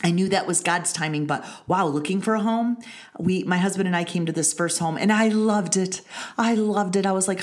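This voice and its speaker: Woman, ministry leader, earnest devotional teaching, lowish voice, repeats key lines. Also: normal speed.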